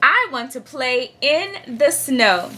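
A squeaky little boy frog, bursting with eagerness, his voice leaping way up high and bouncing all over the place, as a woman reads him aloud. The tone is bright and a touch breathy, a storybook character full of energy. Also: expressive, slow pace, full character voice. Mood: eager. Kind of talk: children's storybook read-aloud.

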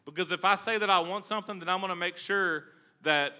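A man, a pastor preaching a conversational sermon with a casual, joking, energetic manner. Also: high-pitched, quick pace.

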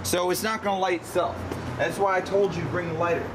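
A young man runs a crude, swear-laden cooking demo in a brash, instructional rant. His voice sits a little high. It is an echoey home-video recording with clear noise behind him. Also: steady tone, fast. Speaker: cooking show host. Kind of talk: profane comedic cooking demo. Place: kitchen and backyard grill.

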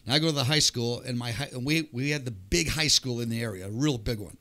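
A man's voice: mid-range voice, quick pace, bright, forceful tone. An older man, a podcast guest, telling his personal testimony with animation and acting out the voices of people in the story.

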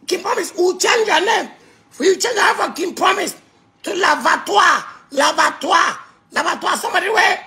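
A man with a Ghanaian accent ranting angrily, shouting and mocking with laughs between jabs. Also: extremely high pitch. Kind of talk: angry ranting monologue.

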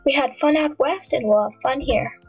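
A woman voicing a calm, sensible boy in a children's audiobook. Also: sits high, moderate pace. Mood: steady. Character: boy Bert, calm and sensible older brother. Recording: dull lo-fi audiobook with faint music.

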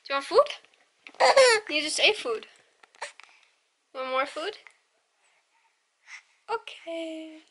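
Young mom in sing-song baby talk. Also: female voice, high voice, animated, slow, long pauses, bright, forceful tone. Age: late teens. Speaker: vlogger, young mother. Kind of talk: casual home vlog.

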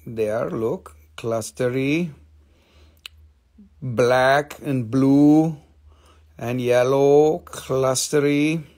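A man's voice: very slow, pauses often, darkish tone. A middle-aged man hosting a live crystal sale, chatty and playful, showing stones and calling out prices. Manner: playful, chatty, jumps into squeaky high joke voices. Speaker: live-stream crystal seller. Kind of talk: casual live sales chat.

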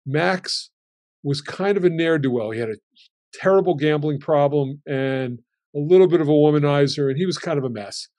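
A man's voice: fairly high pitch, moderate pace, darkish tone. A man in his sixties, a guest telling family stories in a casual way and acting out his relatives' lines as he goes.

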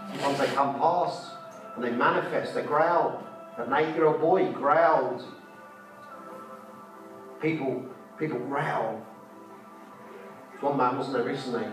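A man preaching at a conference, fervent and repetitive, shifting between loud exhortation and quiet storytelling. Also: a little high, steady tone, measured pace, long pauses. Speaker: street preacher. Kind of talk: conference sermon. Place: large conference hall. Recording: echoey hall from a distance with faint music.

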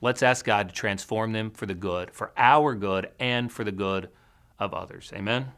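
A male pastor delivers a sermon in a church. His voice sits a little low for a man, and he talks in an earnest, measured way, like someone telling a story with care. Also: fairly bright tone, smooth. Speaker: teaching pastor.

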